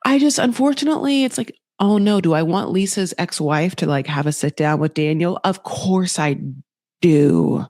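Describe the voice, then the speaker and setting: A woman's voice: lowish voice, normal speed, no room sound. Chatty gossiping woman, dry close mic. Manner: chatty, gossipy, animated, full of asides and quoted voices. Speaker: podcast host recapping reality TV. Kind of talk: casual chat.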